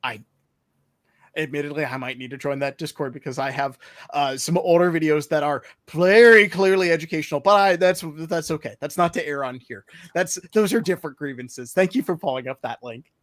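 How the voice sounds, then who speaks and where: A man's voice: fairly high pitch, fairly quick, fairly bright tone. A man with a Midwestern accent hosting a casual live-stream chat, joking and sarcastic, often laughing.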